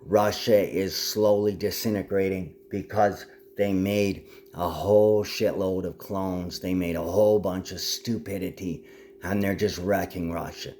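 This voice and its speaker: A man giving a rambling, declamatory monologue to camera, his loudness swinging up and down. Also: sits low, fairly even intonation, measured pace, a little hiss or hum. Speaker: self-styled address speaker.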